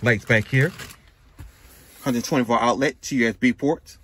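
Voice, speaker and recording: A man's voice: medium pitch, moderate pace, fairly bright tone, breathy edge. Man listing truck features in short phrases. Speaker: car reviewer. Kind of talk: casual car walkaround commentary. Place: car dealership lot and inside a truck.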